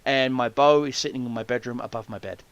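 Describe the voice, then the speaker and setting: A man hosting a podcast, telling hunting stories in a casual, profane, animated way and acting out the people he quotes. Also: mid-range voice, quick pace, smooth, dry recording, dull audio. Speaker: podcast host. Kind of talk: casual storytelling chat.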